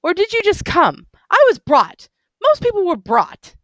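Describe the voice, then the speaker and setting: A woman reading a novel aloud, voicing an excitable, drunk, stout middle-aged man in big spectacles who talks insistently and rambles. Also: very high voice, unhurried, dry recording, pitched above the performer's own voice, heavily acted. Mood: rambling.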